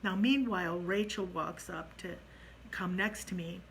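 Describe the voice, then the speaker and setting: A middle-aged woman with a fairly low voice tells a personal ghost story as if chatting with a friend. She is animated and sometimes sinks into a hushed tone at the spooky moments. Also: unhurried, vocal fry, a little hiss or hum, low-quality recording. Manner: animated, drops to a hush at eerie moments.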